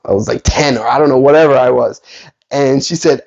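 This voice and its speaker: A man's voice: mid-range voice, fast, vocal fry, muffled recording. Rambling man telling a collecting story. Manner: rambling, self-correcting, animated quoting of others. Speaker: card collecting channel host. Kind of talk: casual storytelling vlog.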